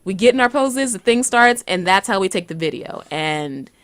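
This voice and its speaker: A woman with a Southern US accent, a guest cosplayer and actress, tells stories in a lively way and acts out the voices of people she quotes. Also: medium pitch, moderate pace, no echo. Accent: Southern US, Georgia. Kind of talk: animated storytelling in an interview.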